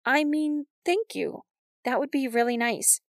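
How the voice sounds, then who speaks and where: A woman's voice: high-pitched, animated, a little slow, no echo, clean studio sound, voice pushed up. A woman voicing an awkward, self-conscious fifteen-year-old girl with a crush, wry and flustered.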